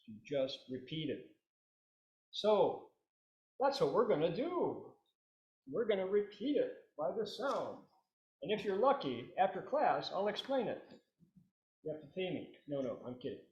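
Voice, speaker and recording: A man teaching a meditation class, relaxed and joking, leading his students through chanted repetitions. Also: high-pitched, a little slow, long pauses, lo-fi sound. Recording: roomy, echoey room.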